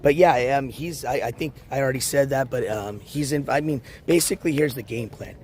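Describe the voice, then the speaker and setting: A man livestreaming from a beach in the morning, hoarse and losing his voice, rambling as he walks and shouts out viewers in chat. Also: medium pitch, fairly quick, a little hiss or hum. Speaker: IRL livestreamer. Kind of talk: casual live-stream chat.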